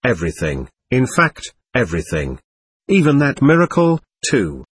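A man reading aloud, voicing an anxious, effusive middle-aged aristocratic lady who talks rapidly and nervously. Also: mid-range voice, wildly swooping pitch, husky. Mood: gushing.

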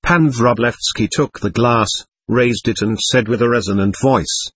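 A man narrating an audiobook in an expressive storytelling manner. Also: mid-range voice, a little slow, hardly any pauses, husky, dry recording, clean studio sound. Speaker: audiobook reader.

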